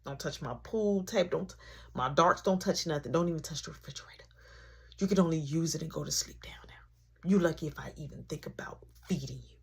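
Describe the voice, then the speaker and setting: A man's voice: extremely high pitch, sing-song, fairly quick, full character voice. A young man voicing his strict, angry mother as she scolds her sons during a storytime. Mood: stern. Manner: sharp, scolding, preachy.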